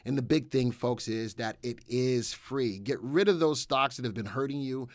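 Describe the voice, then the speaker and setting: A man's voice: mid-range voice, normal speed, no room sound. Man, middle-aged, live-stream market host, upbeat, jokey, dry close sound. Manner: upbeat, joking, greets viewers by name.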